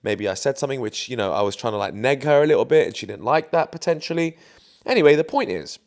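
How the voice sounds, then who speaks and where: A man's voice: mid-range voice, lively intonation, fast talker. A young man telling a dating story to camera in a chatty, confident way, full of fillers. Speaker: dating coach.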